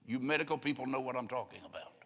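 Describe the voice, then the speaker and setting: A man's voice: mid-range voice, racing, creaky, a bit bright. An older man preaching a sermon in a folksy storytelling way, often acting out the voices of people he quotes. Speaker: pastor. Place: church sanctuary. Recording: long hall reverb.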